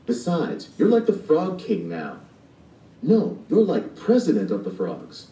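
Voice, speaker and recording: A man's voice: fairly high pitch, huge pitch swings, unhurried, warm tone, reverberant, distant mic, pitched above the performer's own voice, poor audio. A man voicing a spirited, bossy young girl who is a big sister, in a storybook reading. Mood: playful.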